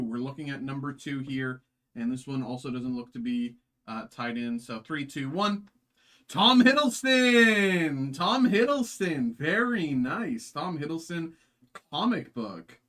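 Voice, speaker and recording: A man hosting a live card-opening stream, chatting casually with lots of fillers, restarts and self-deprecating jokes. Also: mid-range voice. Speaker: card break host.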